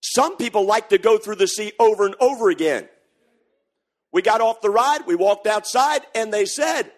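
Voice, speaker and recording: A middle-aged male pastor with a notably high voice delivers an animated sermon. He drops low for storytelling, then rises into fervent shouting. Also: normal speed. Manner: animated preaching, swings from quiet storytelling to shouting.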